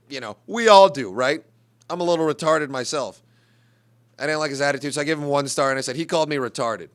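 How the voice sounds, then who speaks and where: A young man delivers a comedic monologue in a bright, tense voice with plenty of gravelly fry. He rambles and rants with a profane, exasperated edge. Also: on the high side.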